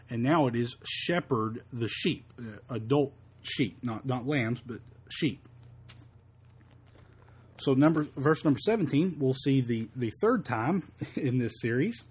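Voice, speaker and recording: A man with a husky, medium-pitched voice leads a verse-by-verse Bible study, quoting scripture in old-fashioned wording. The Bible teacher is halting, often stumbling and repeating words and filling gaps with um and uh.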